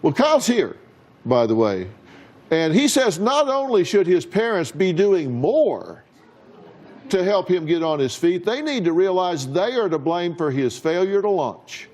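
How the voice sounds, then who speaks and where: A man's voice: high voice, big pitch swings, measured pace, a little mellow. A man hosting a talk show, interviewing a guest with blunt, challenging questions.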